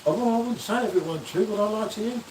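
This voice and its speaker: Speaking very fast in a high-pitched voice, a man runs a casual live beer-review stream, joking around and reading viewer comments. There's background noise, an echoey room, and distance from the microphone.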